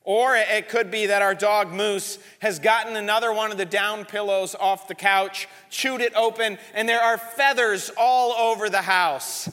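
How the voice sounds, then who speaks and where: A man preaching a sermon as pastor, telling a lively story. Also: sits high, measured pace, hardly any pauses. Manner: storytelling, animated. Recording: reverberant church hall.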